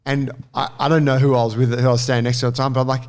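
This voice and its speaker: A man, co-hosting a casual chat and telling an animated, sweary story. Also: medium pitch, rapid-fire. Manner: animated storyteller, swears freely, acts out quotes. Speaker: podcast co-host.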